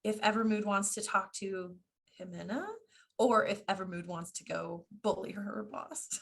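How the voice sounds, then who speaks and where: Bright, brash woman player. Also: medium pitch, fairly even intonation, normal speed, creaky. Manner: brash and confident, laughs often. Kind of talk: tabletop role-play, playing her character.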